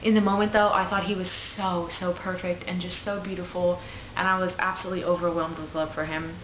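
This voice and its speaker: A woman's voice: on the low side, little pitch movement, fairly quick, a little hiss or hum. A young woman, a new mother, telling her birth story to the camera in a candid, chatty way, full of "like" fillers. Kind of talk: casual personal storytelling to camera. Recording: echoey room, dull lo-fi sound.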